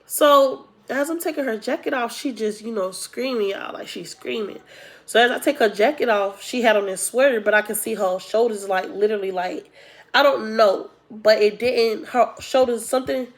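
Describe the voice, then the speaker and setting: A young woman recounts a personal story in a relaxed, conversational way. She talks straight to her viewers, calls them y'all, and acts out what people said along the way. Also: fairly high pitch, moderate pace. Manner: chatty, addresses viewers as y'all, acts out quotes. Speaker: storytime vlogger. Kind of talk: casual storytelling to camera.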